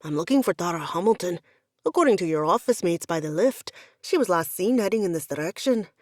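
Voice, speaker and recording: A woman narrator puts on a big, commanding Scotsman with a thick Highland brogue, his low voice brisk and officious. The storybook read sits dry and close to the mic, with little room around it. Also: animated, darkish tone, no room sound, lightly acted. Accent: Scottish Highland. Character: commanding deep-voiced Highland rugby star man. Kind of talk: audiobook character voice.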